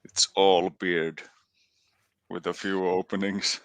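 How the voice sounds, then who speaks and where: A very low, gravelly man chats on a livestream in halting, restarting phrases. English is not his first language, and his sore chest makes him cough now and then. The sound is close and dry. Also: level tone, a bit bright, no room sound. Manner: halting, restarts often, quick laughs. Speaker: co-host. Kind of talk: casual livestream chat.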